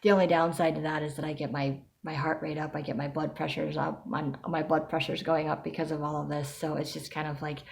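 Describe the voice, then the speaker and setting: Low gravelly woman vlogging anxiously. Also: little pitch movement, a little fast, hardly any pauses. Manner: anxious, chatty, self-reassuring. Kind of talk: personal video diary.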